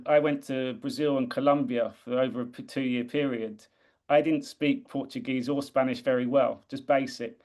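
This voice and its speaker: A man's voice: medium pitch, darkish tone. A man from the UK talking earnestly and reflectively in a casual conversation, often restarting his sentences. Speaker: guest.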